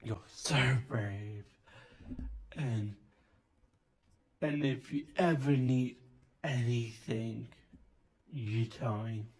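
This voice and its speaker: A woman's voice: very deep voice, drawn-out words, pauses often, dark tone, husky, full character voice. Brief: woman playing a sloppy drunk, fawning, dragging every word out. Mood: gushing drunk. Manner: slurring, gushing, overly affectionate.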